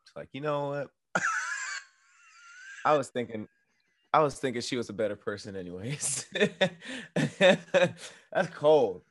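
A man's voice: medium pitch, wildly swooping pitch, takes it slowly, long pauses, a bit bright, slightly rough. A man co-hosting a comedy podcast, chatting in a laid-back, reflective way. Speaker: podcast co-host. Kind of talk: casual chat.

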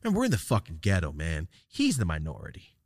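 A man's voice: low-pitched, huge pitch swings, a little fast, darkish tone, dry recording, studio quality. A man hosting a podcast, telling a rambling, profane story in casual chat. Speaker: podcast host.

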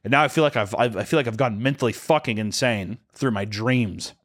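A man's voice: mid-range voice, a little fast. A man telling a rambling, profane story in casual chat and acting out the people in it. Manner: profane, animated, acts out voices in quotes.

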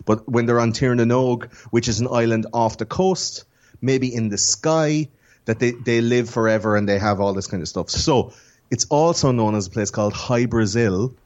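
A man telling loose, animated stories as a guest on a casual podcast. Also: medium pitch, normal speed, lo-fi sound. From Ireland. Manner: rambling, animated storytelling.

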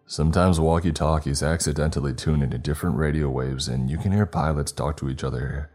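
A man's voice: rumbling low, fairly even intonation, brisk, darkish tone, faint music behind. A man voicing a laid-back male family friend who explains things patiently. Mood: easygoing.

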